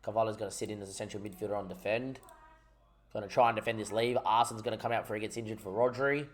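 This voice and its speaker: A man's voice: fairly low pitch, steady tone, fast talker. A young man giving frustrated, rambling commentary over his own gameplay, swearing often. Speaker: gaming YouTuber.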